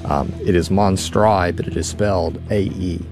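Male lawyer guest, very low and gravelly, music clear behind him. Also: fairly even intonation, normal speed. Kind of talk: casual studio chat.

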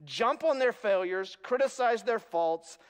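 A man preaching a sermon, telling stories with animated, wry humor. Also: high-pitched, measured pace, clear, resonant tone, big-room sound. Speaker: pastor.

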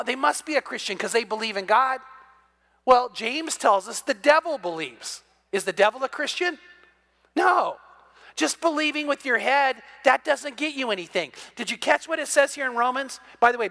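A middle-aged man preaching a sermon as pastor, animated and acting out dialogue as he teaches. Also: sits high.

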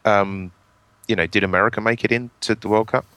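A man from England on a podcast panel, chatting casually, laughing often and quick with quips. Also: on the low side, steady tone, pushed and bright, dry recording.

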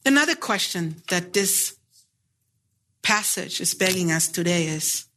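Slow, deliberate male preacher. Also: high voice, expressive, bright, forceful tone. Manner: earnest, deliberate, pleading rhetorical questions. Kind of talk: sermon.

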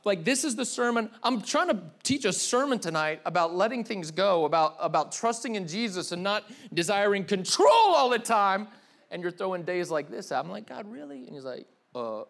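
A man's voice: high-pitched, expressive, moderate pace, fairly bright tone. A young man giving a candid, rambling sermon in a church, talking loosely and often saying "man" and "like". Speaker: pastor. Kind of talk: casual confessional sermon. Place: church hall with live audience.

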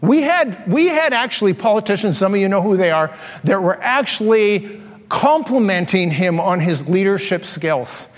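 An older male pastor in his sixties preaches with a high, lively voice, telling stories with plenty of animation. He laughs at his own tales and acts out the scenes. The voice rings with the long reverb of a large hall. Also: normal speed. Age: 60s. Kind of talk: sermon with personal storytelling.

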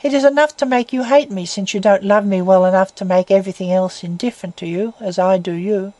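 A woman reading the part of an earnest young man who pleads with his love in a slow, deep tone. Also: warm tone, no echo, close to an everyday voice, low-quality recording. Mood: suppressed rage. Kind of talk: audiobook reading.

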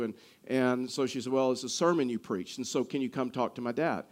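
A man's voice: medium pitch, brisk. A male pastor preaching a sermon, earnest, often repeating and restarting his words.

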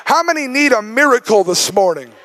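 A man preaching a sermon as a guest speaker, impassioned and building to shouts, acting out the words of biblical figures. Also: very high voice, sing-song, fairly quick. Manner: acts out biblical speakers in dramatic quotes.

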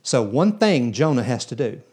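A man's voice: mid-range voice, sing-song, moderate pace, a little mellow, breathy edge. A man preaching a sermon in a church, telling Bible stories in a folksy way and acting out the characters. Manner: folksy storytelling, acts out biblical characters.

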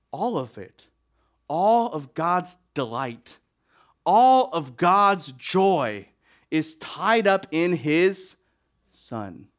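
A male preacher with a high, lively voice that leaps up and down in pitch. He delivers a sermon with big dramatic swings, punching some phrases loudly and dropping others to a hush. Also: a little slow. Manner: animated, dramatic swings between loud emphasis and near-whispers.

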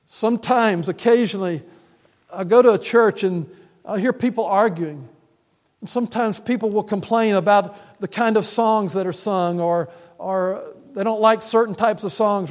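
A man preaching a sermon, earnest and repetitive in his emphasis, with touches of gentle humor. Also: sits high, normal speed. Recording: long reverb of a church hall.

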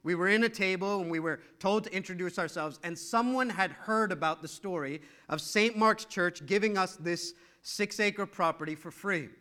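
A middle-aged male pastor preaching a sermon with animated, repetitive storytelling. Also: sits high, normal speed, few pauses, clear, resonant tone.

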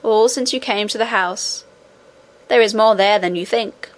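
A woman reading aloud voices a calm, wise and mysterious old grandmother who speaks in a measured, reassuring way. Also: mid-range voice, lightly acted, poor audio. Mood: serene.

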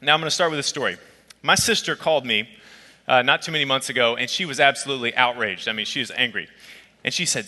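A man preaching a sermon as a pastor, telling a personal story in a conversational, lively way. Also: medium pitch, quick pace, big-room sound. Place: church auditorium.

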